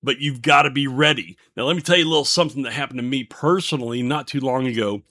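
A man's voice: medium pitch, quick pace, sharp tone. A man in his fifties, the show's host, sharing a faith testimony between songs in an earnest, folksy, preacher-like way. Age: 50s.

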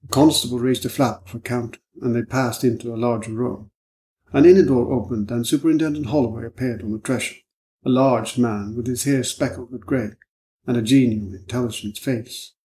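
Man, audiobook narrator, measured even reading, mid-pitched. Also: poor audio. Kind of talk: scripted narration.

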